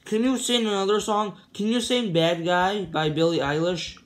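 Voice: medium pitch, steady tone, normal speed, slight background noise. A person casually asking silly questions in home puppet play, often stammering and restarting.

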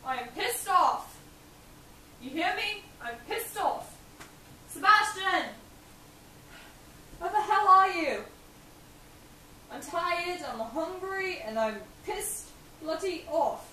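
A woman's voice: very high voice, lively intonation, takes it slowly, fairly bright tone, exaggerated voice. A woman playing a spoiled, petulant young boy earl in a fan cosplay skit, with a whiny, ranting manner. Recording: echoey room, voice from a distance, faint hiss.

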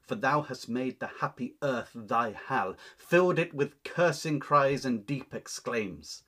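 A man's voice: mid-range voice, very animated, normal speed, husky. A man reading the lines of a grieving noblewoman who curses her enemy, declaiming the verse with rising force. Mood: defiant. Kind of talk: dramatic reading of a play.

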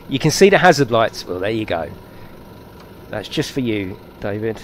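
A man giving excitable, chatty live commentary while streaming a game and talking to his viewers. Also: lowish voice, moderate pace, slight background noise.

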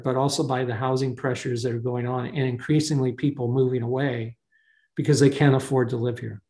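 A man's voice: medium pitch, darkish tone. A man leading a staff meeting over a video call, thinking aloud with fillers. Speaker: meeting leader. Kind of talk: online staff meeting discussion.

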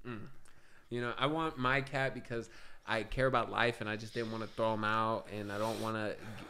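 A man's voice: on the low side, level tone, brisk, sharp tone, a little hiss or hum. A man co-hosting a podcast, telling a rambling story in casual chat, swearing and laughing as he acts out the dialogue. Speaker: podcast co-host.

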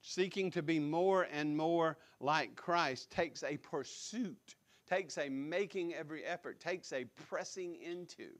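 A man's voice: on the high side, a little slow. A man preaching a sermon as pastor, emphatic, repeating key words and putting direct questions to the congregation. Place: church sanctuary.

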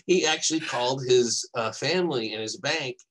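A man's voice: mid-range voice, normal speed, a little hiss or hum, poor audio. A man co-hosting a podcast, telling a long anecdote in a casual, rambling way, often laughing and quoting people. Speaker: podcast co-host. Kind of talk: casual storytelling chat.

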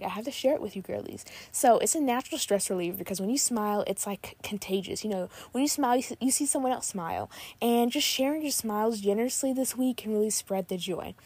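Young woman podcaster, super gushy and bubbly, says literally a lot, warm mellow voice, dry sound. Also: fairly high pitch, breathy edge, dry recording. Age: young adult. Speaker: podcast host. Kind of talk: casual podcast chat.

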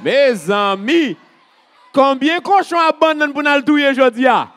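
A man from Haiti, emceeing a community college event with lively, crowd-rousing energy. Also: extremely high pitch, moderate pace. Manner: energetic, hypes up the crowd, calls out questions.

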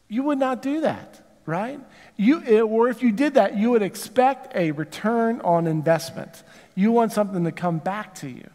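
Southern male pastor, high voice, conversational sermon, long church reverb. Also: a little mellow. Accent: Southern American. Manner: conversational, asks the congregation rhetorical questions. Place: church sanctuary.

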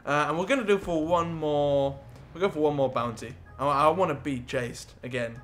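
A young man giving excitable, jokey gameplay commentary as a gaming YouTuber. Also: on the high side, moderate pace, a little hiss or hum. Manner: excitable, jokey, swears and laughs often.

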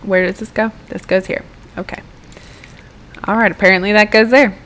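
A woman's voice: mid-range voice, fairly even intonation, normal speed, fairly bright tone. A young American woman giving casual, rambling gameplay commentary and swearing freely as she plays. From United States. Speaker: gaming YouTuber.

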